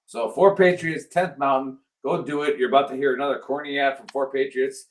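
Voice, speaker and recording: A man's voice: mid-range voice, steady tone, brisk. A middle-aged man hosting a casual veterans' show, earnest and pleading, repeating himself for emphasis. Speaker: podcast host. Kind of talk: casual chat.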